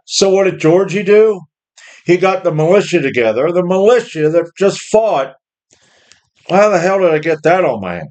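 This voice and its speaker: A man's voice: high-pitched, lively intonation, moderate pace, a little mellow. A middle-aged man ranting angrily about his job and the system, profane and rambling. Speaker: worker ranting about jobs. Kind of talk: angry monologue rant.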